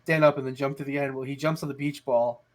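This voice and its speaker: A man co-hosting a casual podcast chat, telling animated stories and swearing freely. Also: mid-range voice, fast. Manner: animated storyteller, swears a lot. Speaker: podcast co-host.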